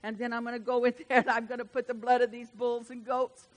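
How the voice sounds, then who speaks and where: A woman preacher voicing Zechariah as an earnest, dutiful male high priest. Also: level tone, fast, in a large hall, natural voice. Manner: earnest, pleading.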